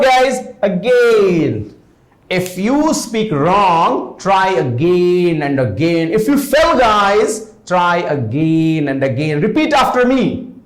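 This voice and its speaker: Indian english man, spoken english teacher, high lively voice, echoey room, repetitive drilling. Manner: repetitive, animated drilling, mixing in Hindi. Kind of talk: classroom lesson with drilled example sentences.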